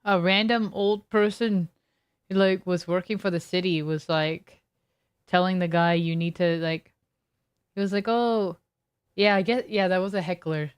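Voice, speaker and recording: A young woman streamer chats over her game, telling stories that wander and restart, full of "like" and "um." Her voice sits a little low and comes across smooth and clean. The sound is dry and close, with no room around it. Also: steady tone, measured pace, dry recording. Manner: rambling storytelling with many fillers. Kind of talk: casual chat while gaming.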